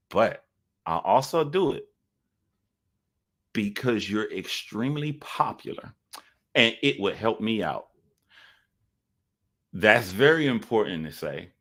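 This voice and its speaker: A man's voice: low voice, fairly bright tone. A man giving casual reaction commentary to a video, talking in an earnest, rambling way with some swearing.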